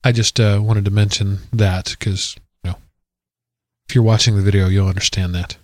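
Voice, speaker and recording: A man's voice: on the low side, fairly even intonation, normal speed, no echo, studio quality. A man hosting a casual podcast, rambling into self-deprecating jokes. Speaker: podcast host. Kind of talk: casual chat.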